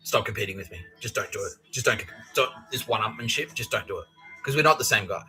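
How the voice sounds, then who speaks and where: A man's voice: fairly low pitch, quick pace, bright, forceful tone, faint music behind, poor audio. A man telling a rambling, profane comedic story on his own podcast, mimicking the people in it. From Australia. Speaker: podcast host.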